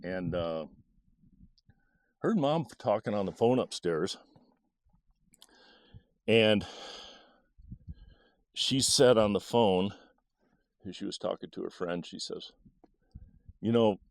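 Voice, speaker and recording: A man in his sixties recounts a memory from his boyhood in a low voice, pausing often with "uh" and soft chuckles. The sound is dry and close, with no room around it. He talks in a relaxed, unhurried way. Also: vocal fry, dry recording. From Michigan, USA. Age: 60s. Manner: halting, with many "uh" fillers and soft chuckles. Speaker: storyteller. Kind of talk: casual personal storytelling.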